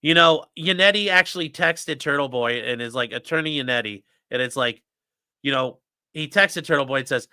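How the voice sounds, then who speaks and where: A man's voice: a little high, moderate pace, bright, forceful tone, clear, resonant tone, no room sound, studio quality. A man hosting a casual livestream, ranting sarcastically and with profanity while reading out and mocking legal filings. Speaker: host.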